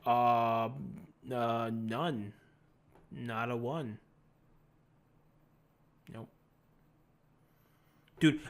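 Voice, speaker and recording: Male streamer, casual live-stream chat, rambling, bright sharp tone, slightly high voice. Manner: rambling, chatty, laughs often; answers chat questions as he plays.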